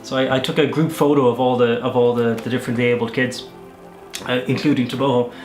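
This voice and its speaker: A young Irish man telling travel stories in a casual vlog, chatty and animated, often restarting his sentences. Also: mid-range voice, quick pace, roomy sound, soft background music. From Ireland. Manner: chatty, animated storyteller with self-corrections. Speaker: volunteer vlogger.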